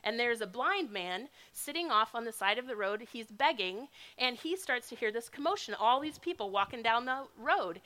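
A woman's voice: a little high, animated, normal speed, few pauses, bright, forceful tone. A woman giving a sermon in a casual, conversational way. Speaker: speaker.

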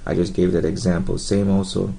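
A man preaching an informal gospel sermon to his listeners, earnest and halting, with many fillers and restarts. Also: deep voice, level tone, vocal fry, warm tone, breathy edge, poor audio.

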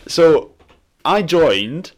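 A man's voice: a little high, big pitch swings, extremely slow. A young man with a mixed, slightly posh Scottish and Glaswegian accent, co-hosting a podcast in casual, sweary, self-mocking banter while a bit tipsy. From Scotland. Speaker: podcast co-host. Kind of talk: casual chat.

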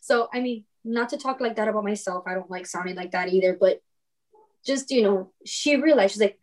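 A woman's voice: mid-range voice, brisk. A young adult woman telling stories in casual conversation as a podcast guest, laughing often and acting out quoted dialogue.

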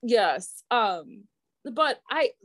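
A woman's voice: fairly high pitch, big pitch swings, drawn-out words, fairly bright tone. A woman in her thirties, a wedding photographer being interviewed, talking animatedly and laughing often. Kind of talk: casual conversational interview.

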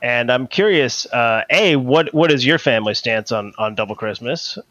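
A man's voice: mid-range voice, animated, normal speed, fairly bright tone, no echo, dull audio, natural voice. A man playing an interview moderator who asks probing, leading questions.

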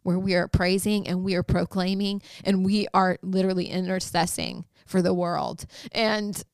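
A woman co-hosting a faith podcast, telling an excited story in casual chat. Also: on the low side, clean tone, dry recording, clean studio sound. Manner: excited storytelling, fast and expressive. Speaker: podcast co-host.

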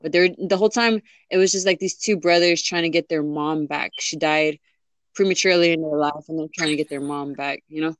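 A woman's voice: deep voice, fairly even intonation, fairly quick, no room sound. Chatty young woman, dry sound. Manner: rambling, many fillers and restarts. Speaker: interviewee. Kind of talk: casual chat.

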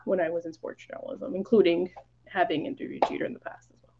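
A woman's voice: fairly low pitch, fast talker, vocal fry. Chatty woman on a lo-fi podcast line. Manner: chatty, many "like" fillers, acts out quoted lines. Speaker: podcast guest. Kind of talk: casual podcast chat.

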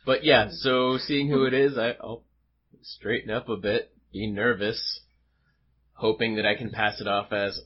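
A man casually describing his character's actions as a player, easygoing and a little halting. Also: fairly low pitch, steady tone. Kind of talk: casual tabletop play. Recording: dull lo-fi audio with faint noise.

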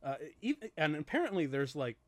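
A man co-hosting a casual chat about a film, laughing often and talking in halting bursts with lots of fillers. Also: on the high side, sing-song, a crowd in the background. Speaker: co-host reacting to a film.

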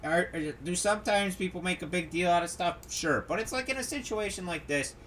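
A man's voice: high voice, brisk, a bit bright, a little hiss or hum. A young man hosting a solo podcast, ranting in an exasperated way, swearing and mocking the people he quotes. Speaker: podcast host.

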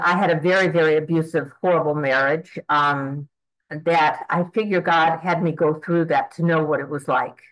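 A woman's voice: low-pitched, fairly bright tone, low-quality recording. Eighty-year-old woman sharing her story. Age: 80s. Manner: rambling, earnest storytelling with many restarts and fillers. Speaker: recovery meeting speaker. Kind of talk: personal testimony at a twelve-step meeting.

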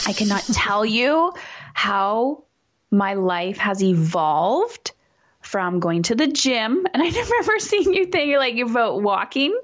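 An energetic woman speaks with blunt, candid force, swearing freely as she talks. Her pitch sits in an ordinary middle range. The audio is a bit dull, as if from a modest podcast mic. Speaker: guest, parenting coach. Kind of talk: candid interview chat.

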